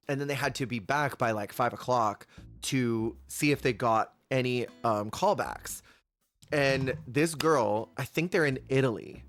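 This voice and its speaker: A man streaming casually while gaming, retelling reality-show moments in an animated way and acting out the quotes himself. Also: medium pitch. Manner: animated storyteller who acts out quotes. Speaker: Twitch streamer.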